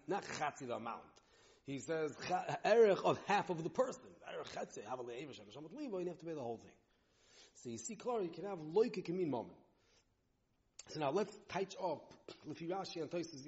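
Man, Talmud teacher, rapid-fire lecturing, fairly high voice, dull lo-fi recording. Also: darkish tone. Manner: rapid, mixing Hebrew-Aramaic terms into English, restarts often. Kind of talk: in-depth yeshiva-style lecture.

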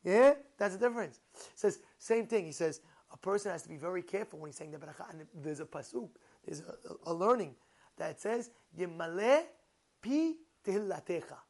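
Animated rabbi teaching a Torah class. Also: male voice, high voice, a little fast. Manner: animated, asks the room questions, many fillers.

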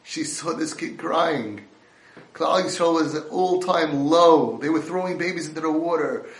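A man's voice: on the high side, a little slow, roomy sound. A man giving an impassioned Torah lecture, mixing in Hebrew and Yiddish terms.

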